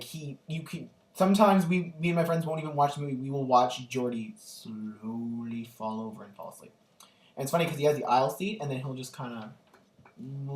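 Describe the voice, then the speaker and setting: A young man recounts his day in an eager, gushing way, piling on fillers as he goes. His voice sounds roomy and echoing. He seems to be sitting some way back from the camera mic. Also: mid-range voice. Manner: gushing, animated storytelling with many fillers. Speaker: vlogger. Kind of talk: casual storytelling vlog. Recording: echoey room, distant from the mic.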